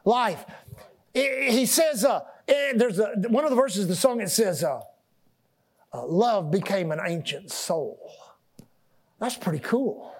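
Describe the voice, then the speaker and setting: A man's voice: very high voice, unhurried. A man preaching a sermon, asking the congregation questions and repeating words as he builds his points. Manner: animated preaching with call-and-response questions; repeats and restarts words, rising and dropping loudness. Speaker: pastor.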